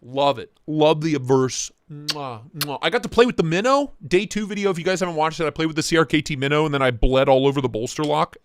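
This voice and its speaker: Young male host, jokey and excitable, slightly high voice, dry home-office sound. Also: fast talker, few pauses, smooth, dry recording. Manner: excitable, joking, reacts to chat. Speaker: livestream host reviewing knives. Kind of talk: casual live-stream chat.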